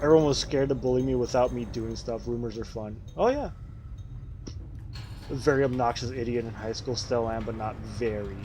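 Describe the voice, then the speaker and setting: A man's voice: mid-range voice, normal speed, warm tone, a little hiss or hum. A man streaming a game, chatting casually with his viewers in a rambling, profane way. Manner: profane, rambling, talks to chat while playing. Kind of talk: casual gaming livestream chat.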